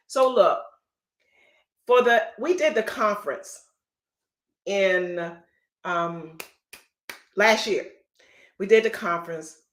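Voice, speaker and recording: A woman's voice: medium pitch, a bit bright. A middle-aged woman real estate coach giving an emphatic, preachy motivational talk on a live stream. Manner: emphatic, repetitive, preachy, folksy. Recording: echoey room.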